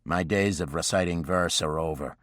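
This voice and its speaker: A gruff frontier husband who speaks in clipped, stern orders, read by a male narrator in his own very deep voice. The sound is dry and close, with no room around it. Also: normal speed, fairly bright tone, dry recording. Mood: curt. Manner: curt, clipped commands.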